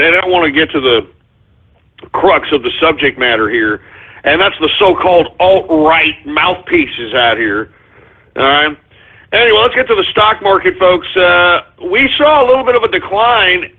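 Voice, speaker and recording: Male talk-radio host, sarcastic agitated ranter, husky voice, phone-quality audio. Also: fairly high pitch. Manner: agitated, sarcastic, swearing rants. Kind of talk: ranting talk radio monologue.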